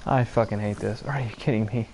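A man's voice: fairly low pitch, fairly even intonation, brisk, darkish tone, a little hiss or hum. A young man from Pennsylvania talking casually and profanely over a video game he is playing, often exasperated and rambling. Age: young adult. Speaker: streamer. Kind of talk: casual gameplay commentary.

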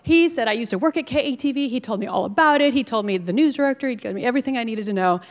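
A woman in her forties from Minnesota, a TV news anchor telling her personal story to a live audience, lively with asides. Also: on the high side, rapid-fire. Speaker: TV news anchor speaking at a startup event. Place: event venue. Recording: live talk with long hall reverb.

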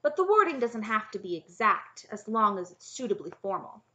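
A woman's voice: medium pitch, very animated, normal speed, pushed and bright, highs cut off. A woman narrator voicing a young princess who speaks firmly and matter-of-factly. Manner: firm and matter-of-fact. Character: young princess, firm, practical, unconventional.

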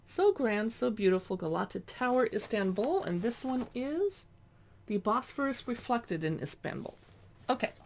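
A woman's voice: on the high side, very animated, normal speed, a little mellow. A woman chatting casually as she pages through a cookbook, reading dish names aloud with little asides. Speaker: cookbook reviewer.

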